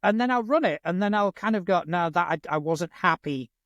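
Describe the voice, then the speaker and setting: A man's voice: sits high, animated, a little fast, a bit bright, no echo, highs cut off. A man with a northern English accent, co-hosting a podcast in blunt, sweary, self-deprecating casual chat. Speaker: podcast co-host.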